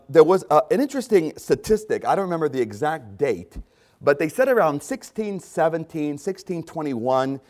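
Animated preaching man, lively pitch. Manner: animated preaching, rising to loud urgent outbursts; frequent throat clearing and restarts. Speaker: pastor. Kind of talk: sermon.

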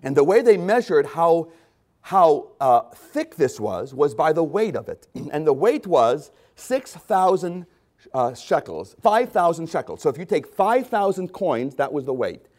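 A man preaching a sermon, throat clearing and restarting as he builds to loud, urgent outbursts. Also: a little high, very animated, a little slow. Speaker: pastor.

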